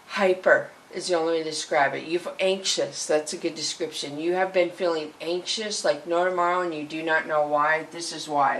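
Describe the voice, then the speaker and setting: A woman's voice: mid-range voice, poor audio. A woman giving a casual tarot card reading, talking earnestly to her viewers and reading card texts aloud. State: emotional, fighting tears at times. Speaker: tarot reader.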